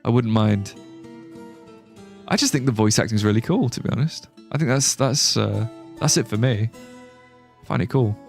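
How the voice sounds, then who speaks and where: Brief: British male streamer, animated and jokey, easy casual chat. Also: mid-range voice, moderate pace, vocal fry, pauses often, soft background music. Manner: chatty, joking, reads chat aloud. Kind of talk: casual live gameplay chat.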